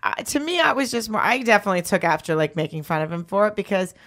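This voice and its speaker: A woman's voice: medium pitch, very animated, quick pace, a bit bright. A woman co-hosting a podcast, chatting casually in a rambling, candid way and laughing often. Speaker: podcast co-host. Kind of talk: casual banter.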